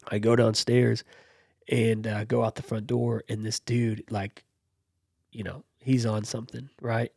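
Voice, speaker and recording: Gravelly-voiced man telling a rambling story. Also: on the low side, flat delivery, unhurried, a little mellow, dry recording, studio quality. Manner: rambling, full of fillers and restarts. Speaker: podcast co-host. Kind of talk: casual storytelling chat. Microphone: close podcast mic.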